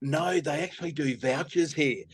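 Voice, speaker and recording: An Australian man, a former baking show contestant, chatting as a podcast guest; a lively storyteller who laughs often and swears casually. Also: fairly high pitch, normal speed, breathy edge.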